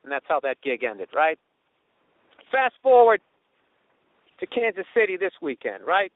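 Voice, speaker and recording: A man hosting a comedy podcast, telling a story in a profane, animated way and mimicking the people in it. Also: high voice, a little slow, no room sound, narrow, tinny audio. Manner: profane, animated, does mocking voices of others. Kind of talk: storytelling monologue.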